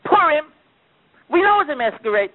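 A man with a strikingly high voice delivers a sermon as a dramatic storyteller, dropping to near-whispers and then rising again. The recording is thin and phone-like. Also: very animated, normal speed. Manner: dramatic storytelling, swinging between loud and hushed. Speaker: preacher.

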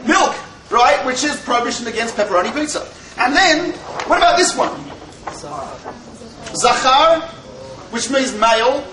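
High-voiced man lecturing in an echoey hall. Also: moderate pace, long pauses, far from the mic, a crowd in the background. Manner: joking, full of rhetorical questions. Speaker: Torah teacher. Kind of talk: lecture to a live audience.

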